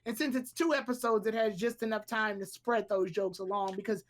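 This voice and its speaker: A woman's voice: mid-range voice, fairly even intonation, brisk. A woman co-hosting a podcast in casual chat, rambling along with lots of filler words and restarts. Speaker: podcast co-host.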